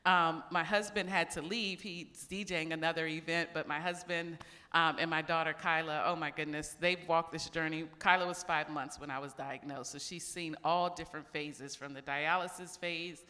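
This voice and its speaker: A woman's voice: sits low, fairly even intonation, normal speed, sharp tone. Grateful woman giving heartfelt thank-yous. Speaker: event organizer. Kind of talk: closing remarks and thank-yous. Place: large event hall. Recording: reverberant hall.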